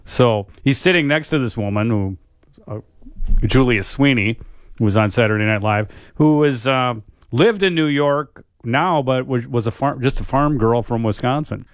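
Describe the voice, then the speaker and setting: A man's voice: medium pitch, moderate pace, no echo, clean studio sound. A man co-hosting a sports radio show, a joking storyteller who laughs through his own tales. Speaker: radio sports show co-host, former color analyst. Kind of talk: casual sports radio banter. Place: radio studio.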